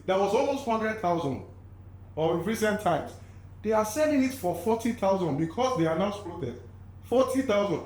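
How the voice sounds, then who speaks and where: A pompous crisis expert , played by a man, rambles, worked up and fussy about his own name. The voice sits fairly high for a man. The room is echoey. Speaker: comic guest expert. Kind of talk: sketch comedy acting.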